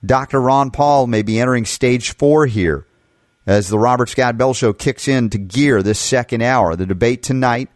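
A man's voice: medium pitch, normal speed, dry recording. A man hosting a talk radio show, delivering an impassioned monologue full of rhetorical questions, into a studio mic.

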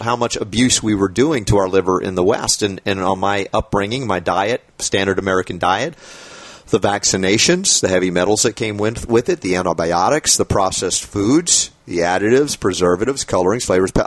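A man's voice: fairly low pitch, dry recording. A man hosting a radio health talk show, talking casually and animatedly, laughing often.

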